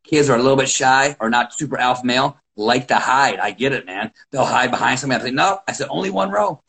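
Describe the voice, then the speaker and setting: A wrestling coach, a man, telling animated stories about his practices in a casual chat, acting out quotes and often restarting sentences. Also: medium pitch, fast talker, low-quality recording. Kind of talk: casual podcast storytelling.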